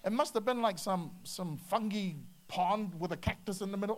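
A preacher giving an energetic, conversational sermon, with frequent restarts and acted asides. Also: medium pitch, a little fast, few pauses. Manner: lively, slips into acted quotes, many restarts.

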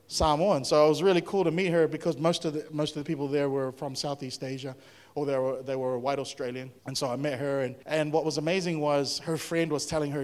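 A man preaching a sermon as a pastor, in a lively, conversational way, often asking his audience questions. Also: fairly high pitch, fairly quick, big-room sound. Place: church hall.

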